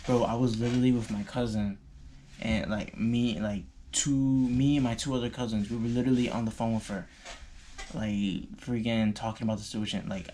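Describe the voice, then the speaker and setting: A man's voice: on the low side, level tone, moderate pace, a little mellow, slight background noise. A young man telling a personal story in a loose, slangy way, full of fillers and swearing. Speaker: vlogger. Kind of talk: casual storytime.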